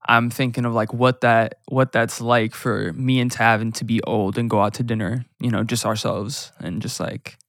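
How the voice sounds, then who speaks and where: A man's voice: mid-range voice, flat delivery, moderate pace, hardly any pauses, fairly bright tone, no echo, clean studio sound. A young man hosting a podcast and chatting casually with his father, often saying "like". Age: young adult. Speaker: podcast host.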